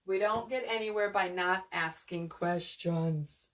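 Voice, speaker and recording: A woman's voice: medium pitch, steady tone, measured pace, few pauses, fairly bright tone. A woman giving a casual, rambling live craft lesson on wreath making, chatting with viewers and answering their comments as she works.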